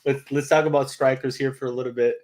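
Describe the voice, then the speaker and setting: A man co-hosting a football podcast, speaking in a middle-pitched voice. He talks bluntly and heatedly, swearing freely as he goes and often restarting his sentences. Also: fairly even intonation, fast, a little mellow. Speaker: podcast co-host. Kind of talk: casual chat.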